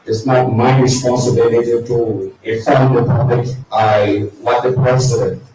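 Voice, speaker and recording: A man's voice: medium pitch, little pitch movement, unhurried, dark tone, faint music behind. A man speaks at a press briefing, emphatic, repeating his key points with many uh fillers. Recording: echoey room from a distance.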